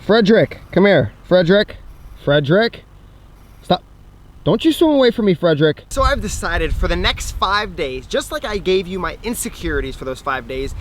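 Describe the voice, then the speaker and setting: A young man telling a personal story to camera in a casual, animated way, laughing at himself now and then. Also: high-pitched. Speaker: fitness vlogger. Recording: faint outdoor noise.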